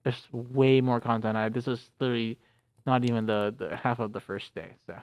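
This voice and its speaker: A man's voice: medium pitch, steady tone, normal speed, darkish tone, dry recording. A man casually reading a visual novel aloud and chatting about it, rambling with many fillers. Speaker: visual novel reader and streamer. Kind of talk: casual game read-through commentary.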